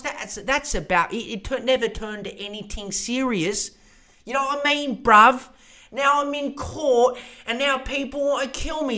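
A man's voice: very high-pitched, sharp tone, pitched above the performer's own voice. A man voicing a brash, shameless middle-aged British socialite woman with a put-on Cockney accent, rambling and crude. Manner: crude, rambling, full of "yeah?" and "bruv".

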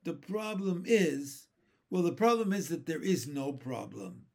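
Man doing a doom-laden earthworm, storybook voice, raised pitch, loud grumbling. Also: expressive, a little slow, gravelly, heavily acted. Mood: gloomy. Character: gloomy grumbling blind male earthworm.

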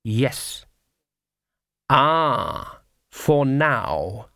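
A man reading an audiobook voices a calm, secretive older swamp witch who speaks slowly and deliberately. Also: mid-range voice, creaky, dry recording, clean studio sound, exaggerated voice. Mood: guarded. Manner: slow, deliberate, unhurried. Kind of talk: audiobook character voice.

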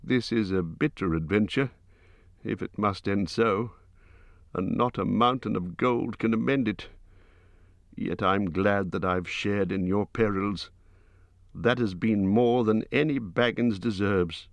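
A man voicing a small, fussy, kindly male hobbit who speaks in a high, eager, slightly shaky voice. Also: measured pace, creaky, no room sound.

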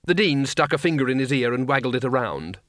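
A man narrating a comic fantasy audiobook in a measured, dry storytelling manner. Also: mid-range voice, animated, a bit bright, no room sound.

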